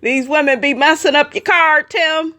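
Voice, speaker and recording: A woman's voice: high voice, normal speed, a crowd in the background. A woman hosting reaction commentary, sassy and laughing, saying honey a lot. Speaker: commentary channel host.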